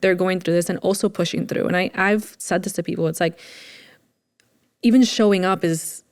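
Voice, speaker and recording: A woman's voice: lowish voice, steady tone, normal speed. A woman hosting a podcast, speaking earnestly and affirming her guest. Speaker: podcast host. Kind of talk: supportive interview conversation.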